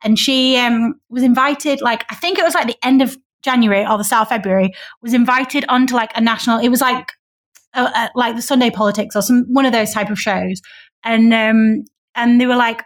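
Quick-talking higher-voiced woman guest. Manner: fast anecdotal telling, irritated, swears. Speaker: podcast guest, journalist. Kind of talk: casual chat.

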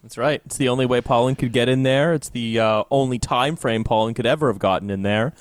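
A man's voice: mid-range voice, a little fast, clean tone, dry recording. A man co-hosting a podcast, talking through a TV episode in a rambling, wry way with many fillers. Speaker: podcast co-host. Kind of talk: casual chat recapping a TV episode.

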